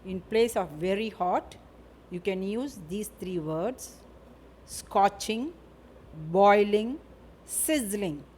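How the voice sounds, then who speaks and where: A woman teaching an English vocabulary lesson. She speaks slowly, repeats each word and example, and ends points with a tag question. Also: mid-range voice, darkish tone, a little hiss or hum.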